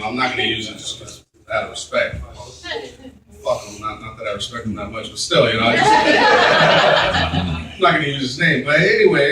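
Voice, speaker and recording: A stand-up comedian of Mexican heritage rambles through a long, swear-filled story loaded with fillers as the audience laughs. His voice is on the high side with a sharp tone, captured from a distance in a roomy club.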